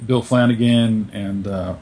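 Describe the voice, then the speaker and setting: A man's voice: on the low side, steady tone, measured pace, mellow. Rambling man chatting casually. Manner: rambling, many fillers and restarts. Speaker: podcast co-host. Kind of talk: casual chat.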